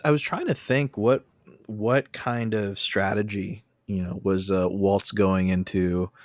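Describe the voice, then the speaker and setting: A man who is a podcast guest, thinking aloud in a halting way as he searches for words. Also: sits low, no room sound. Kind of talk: casual podcast discussion.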